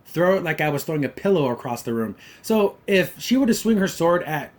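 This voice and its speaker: A man's voice: a little high, big pitch swings, a little fast. A man hosting a podcast, giving a casual, rambling and wry review of a cartoon episode. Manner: rambling, hedges often with "kinda" and "like"; wry and critical.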